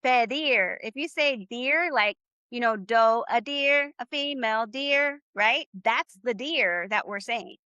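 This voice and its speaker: Bright-voiced upbeat woman teaching Spanish. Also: on the high side, a little slow, dry recording, lo-fi sound. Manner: upbeat, encouraging, leads call-and-response drills. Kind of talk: live online class.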